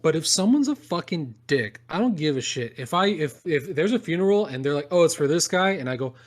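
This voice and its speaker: A man's voice: on the high side, animated, fairly quick. A young man co-hosting a casual comedy podcast, ranting with lots of swearing and mock outrage. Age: young adult. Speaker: podcast co-host.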